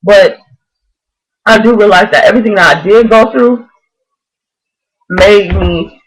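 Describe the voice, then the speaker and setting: A woman's voice: mid-range voice, measured pace, husky, low-quality recording. A woman in her twenties speaks straight to her camera in a vlog. She preaches earnestly and with fervent conviction, pressing every point home. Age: 20s. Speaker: vlogger.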